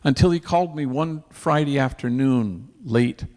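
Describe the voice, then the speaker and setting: A man's voice: mid-range voice, moderate pace, a little mellow. A man, a priest, telling an earnest story at an event, sprinkling in Spanish slang, in a hall with long reverb.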